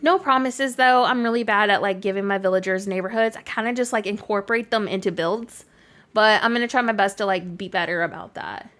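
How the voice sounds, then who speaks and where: A game streamer from Canada, young-sounding, chats casually during a live stream and responds to viewers, filling her speech with "like." She has a Canadian-Southern American accent blend, a medium-pitched voice, a fairly quick pace, and a fairly bright tone.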